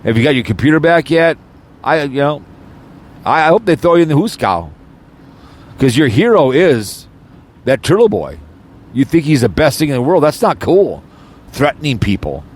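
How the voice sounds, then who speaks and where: A man's voice: fairly high pitch, very animated, normal speed, pauses often. A man ranting angrily in an audio-only recording, rambling and repeating himself, with mocking sarcastic asides. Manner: angry, rambling and repetitive. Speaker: channel host.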